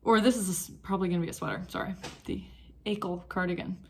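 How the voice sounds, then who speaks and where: A woman's voice: on the low side, fast talker, vocal fry, a little mellow, slight background noise. A young woman vlogging about knitting at home in a chatty, rambling way that wanders off topic. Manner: chatty, rambling, easily sidetracked. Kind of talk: casual chat.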